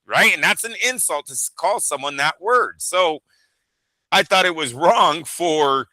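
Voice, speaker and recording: A man co-hosting a boxing podcast, talking in a blunt, emphatic and profane way. His voice is very bright and forceful and sits somewhat high. It sounds dry and close to the mic. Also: lively intonation, measured pace, no echo, rough recording. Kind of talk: casual opinionated chat.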